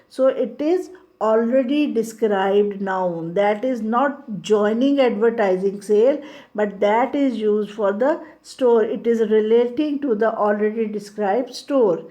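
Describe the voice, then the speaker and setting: A woman's voice: a little high, dark tone. A woman teacher giving a grammar lesson, explaining step by step and repeating herself. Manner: slow, explaining step by step with repetitions.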